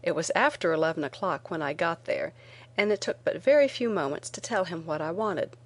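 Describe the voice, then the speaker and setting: A woman reading a first-person memoir aloud in a measured, earnest way. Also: fairly low pitch. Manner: measured, earnest reading with lively quoted lines. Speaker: narrator. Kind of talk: audiobook narration of a memoir.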